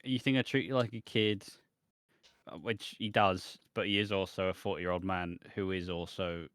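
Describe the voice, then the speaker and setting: Man, british, podcast co-host, lowish voice, dry close sound, rambling casual recap. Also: a bit bright, no echo. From Britain. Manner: rambling recap with restarts and laughs. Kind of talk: casual chat.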